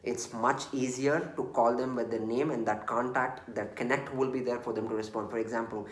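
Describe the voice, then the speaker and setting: A man's voice: medium pitch, fairly even intonation, brisk, few pauses. Indian man coaching, roomy echo. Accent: Indian English. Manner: earnest, repetitive, coaching tone with acted-out examples. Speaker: IT trainer. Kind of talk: casual instructional talk.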